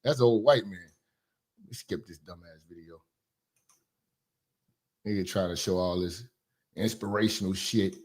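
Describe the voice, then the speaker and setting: A man's voice: low-pitched, moderate pace, pauses often, a little mellow, slightly rough. A man hosting casual commentary who speaks bluntly and profanely in a conversational way. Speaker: commentary host.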